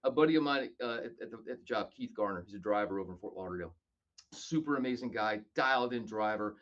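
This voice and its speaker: A man telling stories casually as a podcast guest, animated and acting out other people's lines. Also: on the low side, fast talker, highs cut off. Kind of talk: casual storytelling.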